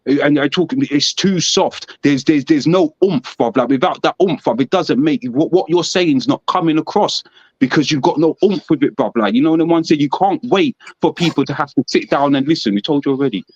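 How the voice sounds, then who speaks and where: A man's voice: fairly high pitch, a little fast, a little mellow, dry recording, dull audio. Emphatic man in casual chat. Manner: emphatic, repetitive, peppered with slang.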